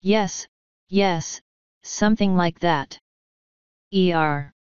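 A woman's voice: on the low side, drawn-out words, darkish tone, clean tone, dry recording, dull audio. A woman voicing a timid, hesitant young male king in an audiobook. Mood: unsure. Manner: hesitant, faltering.

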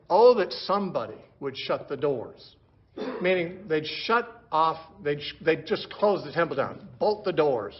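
Slightly high-voiced male Bible teacher, lo-fi. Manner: explains slowly, repeats words as he restarts. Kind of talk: verse-by-verse Bible lecture. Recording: dull lo-fi recording.

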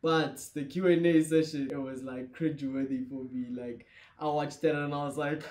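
A young man from South Africa hosting his vlog in an energetic, playful way. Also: a little high, normal speed, very noisy. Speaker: vlogger. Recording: echoey room.

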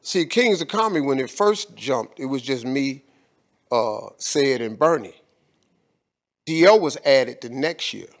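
A man's voice: medium pitch, expressive, a little slow. A man speaking as a guest in an on-stage conversation, talking in an emphatic, colloquial way with preacher-like repetition.

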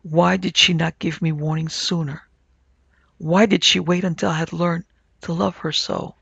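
A man voicing a delirious, drunken young man who talks in hushed, peevish, pleading tones. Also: on the high side, little pitch movement, normal speed, vocal fry, husky, no room sound, dull audio, exaggerated voice. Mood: desperate.

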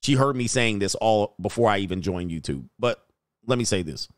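A man hosting a dating commentary show, telling a story bluntly and jumping up in pitch when he quotes himself. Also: expressive, moderate pace, no room sound, clean studio sound. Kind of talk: casual commentary reacting to clips.

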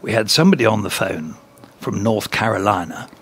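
English male guest, husky low voice, animated anecdotes, dry chuckles. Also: fairly quick. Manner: animated storyteller, chuckles through punchlines. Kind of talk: conversational anecdote-telling. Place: cricket ground commentary box.

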